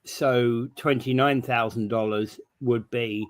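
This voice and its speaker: A man's voice: mid-range voice, fairly even intonation, slow pace. A man hosting a casual morning talk show, teasing his co-host dryly and stumbling through news details with lots of fillers.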